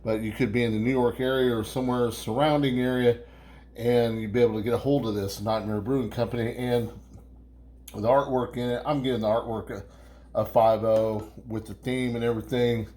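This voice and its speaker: A mid-pitched man hosts a casual beer review, rambling from thought to thought. He swears freely and keeps restarting his sentences. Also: darkish tone.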